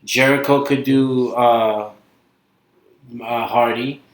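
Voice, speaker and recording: A man with a Brooklyn accent co-hosts a casual podcast in an echoey room, rambling hesitantly and often trailing off. His mid-range voice stays steady, and he takes it slowly.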